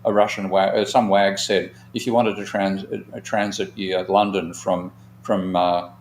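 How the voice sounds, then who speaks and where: A man's voice: sits low, flat delivery, measured pace, roomy sound, slight background noise. A man, an economist hosting a live discussion, telling long anecdotes in a frank, rambling way and swearing at times. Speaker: economist and show host.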